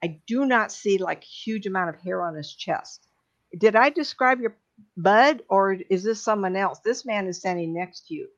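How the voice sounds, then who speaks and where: A woman's voice: mid-range voice, lively intonation. Emotional chatty woman medium. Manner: emotional, chatty, halting with many fillers. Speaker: psychic medium host. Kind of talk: live-stream reading and chat. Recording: dull lo-fi stream audio.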